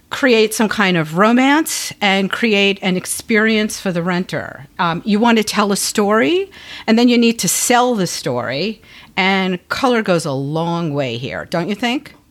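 A middle-aged woman co-hosting a podcast, explaining things in a relaxed, conversational way with small fillers. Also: mid-range voice. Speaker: podcast co-host, color designer. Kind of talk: casual podcast chat.

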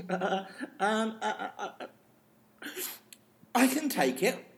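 A woman's voice: mid-range voice, takes it slowly. A woman playing a nervous, puzzled new actress in a comedic audio play, always asking questions.

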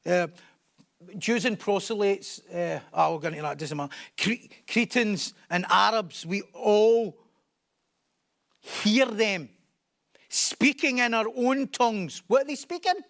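A man's voice: high voice, expressive, unhurried, gravelly, fairly bright tone. A man preaching a sermon, emphatic and repeating key phrases for stress.

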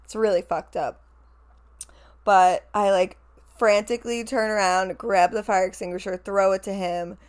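A young woman telling a frank story about her workday, casual and animated, swearing freely and acting out what others said. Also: medium pitch, moderate pace.

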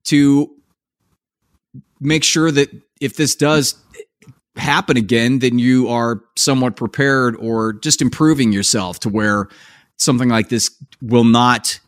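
A man's voice: medium pitch, steady tone, a little slow, no echo. A male podcast host reacts to his guest and builds long, meandering questions, often restarting them midway. His voice sits in a middle range. The recording is dry and close, with no room sound.

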